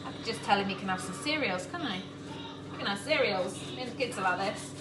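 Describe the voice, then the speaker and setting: A woman's voice: medium pitch, lively intonation, fairly quick, far from the mic, heavy background noise. A woman chatting to live viewers while cooking at home, laughing often. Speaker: cooking vlogger. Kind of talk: live-stream cooking chat. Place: home kitchen. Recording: echoey kitchen, clattering pots.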